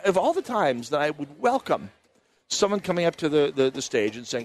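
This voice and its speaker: A man's voice: a little high, very animated, moderate pace. A man hosting a live talk radio show from an outdoor state fair booth, telling stories in a chatty way with many restarts and asides. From Minnesota. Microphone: broadcast mic with headphones.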